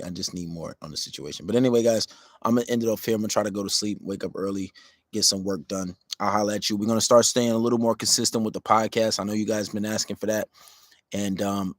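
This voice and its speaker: A man's voice: dry recording, studio quality. A man hosting a casual podcast, answering listener questions about dating in a laid-back, rambling way. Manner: laid-back, rambling, low-key and unhurried. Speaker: podcast host.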